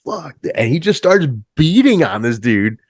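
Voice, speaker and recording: A middle-aged man in a band, telling stories in a casual chat. He is laid-back, swears freely, says "like" a lot and jumps higher when he acts out a story. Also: big pitch swings, moderate pace, no echo, studio quality. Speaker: band musician, interview guest.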